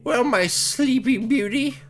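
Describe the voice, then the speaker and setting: A man voicing a cruel, gloating male torturer in a horror game, speaking slowly and purring. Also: extremely high pitch, pitched above the performer's own voice. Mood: gloating sadistic.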